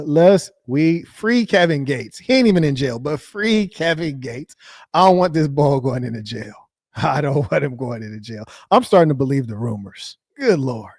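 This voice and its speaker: A man's voice: medium pitch, darkish tone, no echo, studio quality. A man hosting a casual reaction commentary, joking and mocking, often laughing. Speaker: host reacting to a clip.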